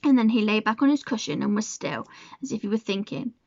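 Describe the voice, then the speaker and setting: A woman reading a storybook aloud to listeners in a gentle, measured narration. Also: a little high, dry recording. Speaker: storybook reader. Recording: dull lo-fi sound.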